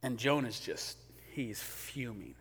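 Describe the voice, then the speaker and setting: A man preaching a sermon in a casual, animated way, acting out quotes, in a church hall. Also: mid-range voice, takes it slowly, vocal fry, slightly rough. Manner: conversational, animated, acts out quotes. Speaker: pastor. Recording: long hall reverb.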